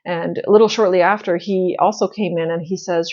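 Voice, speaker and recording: A woman's voice: fairly low pitch, fairly even intonation, fairly quick, darkish tone, highs cut off. A woman host telling a personal story in a casual, earnest way, with many fillers and restarts. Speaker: spiritual channel host.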